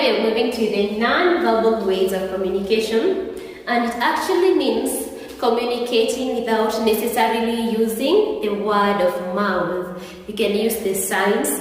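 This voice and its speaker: A woman teaching an exam revision lesson to camera, playful and asking the viewer questions. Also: mid-range voice. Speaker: English teacher. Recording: echoey room, voice from far off.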